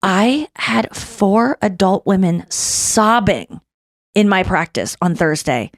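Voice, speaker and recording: A woman's voice: mid-range voice, expressive, slow pace, dry recording, clean studio sound. Woman podcast host, casual chat, rambling storyteller, middle-aged. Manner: chatty, storytelling with quoted voices and restarts.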